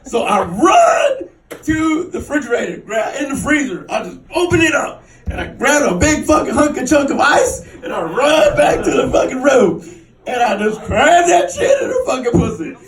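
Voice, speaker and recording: A man performs crude stand-up with a strikingly high, lively voice that leaps up when he plays other people. He sounds a little off the mic, and the club room echoes around him. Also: moderate pace. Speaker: stand-up comedian. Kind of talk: stand-up set. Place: comedy club stage. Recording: roomy club sound, mic a bit distant.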